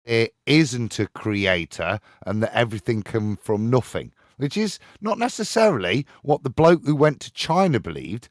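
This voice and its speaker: This is a man with a low voice that swings widely as he stresses his points on a live-stream panel. He sounds preachy and insistent, and the recording is dry and close. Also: dry recording. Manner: emphatic, preachy, ends points with "eh?" and "yeah?".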